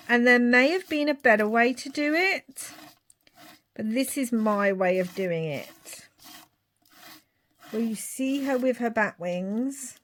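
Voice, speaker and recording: Woman, crafting vlog, chatty, thinking aloud, slow, high-ish. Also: expressive, fairly bright tone.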